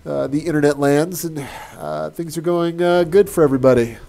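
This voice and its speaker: A man, a game developer, chatting casually on a livestream in a relaxed, joking way. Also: a little high, normal speed, creaky. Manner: relaxed, joking, hesitant with fillers.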